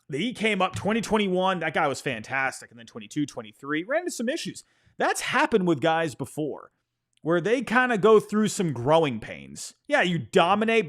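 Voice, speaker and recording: A man on his own sports show rants in an exasperated, casual way, often stumbling over and repeating words. His voice sits a little high and swoops up and down constantly. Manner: animated, exasperated, repeats himself, apologizes for ranting. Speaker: sports podcast host. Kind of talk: casual opinion rant.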